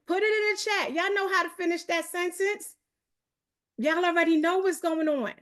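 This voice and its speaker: Her pitch is extremely high. She's a New Yorker with the accent to match, leading a live online accountability call where she talks rapidly, pumps up the crowd, and constantly calls out to them.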